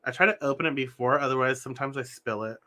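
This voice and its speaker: Bright-voiced man giving an earnest tarot reading. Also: mid-range voice, fast. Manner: earnest, meandering, self-correcting; talks with his hands. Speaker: tarot reader.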